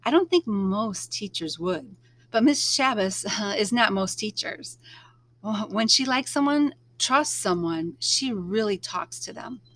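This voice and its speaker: A woman reading a novel aloud, narrating in the first person at a measured, expressive pace. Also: mid-range voice, dry recording. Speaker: read-aloud storyteller.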